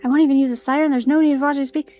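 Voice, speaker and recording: A woman reading first-person narration for a tired young woman detective in a visual novel game, brisk and flat. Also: high-pitched, close to an everyday voice.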